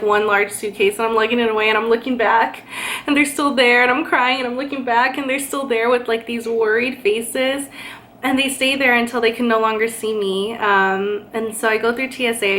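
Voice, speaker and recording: A young California woman tells a personal story vlog-style, chatty and full of fillers, in a fairly high, slightly bright voice. There's a little background noise in this casual storytime.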